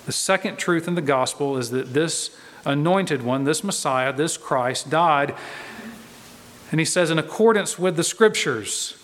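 A man's voice: on the high side, animated, measured pace, fairly bright tone, long reverb tail. A male pastor preaching a sermon in a church, emphatic and driving his points home by repeating key phrases.

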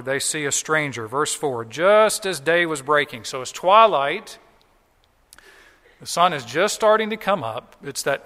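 A man's voice: on the high side, sharp tone, long reverb tail. A man preaching a sermon as pastor, explaining scripture in a conversational way and acting out quoted lines.

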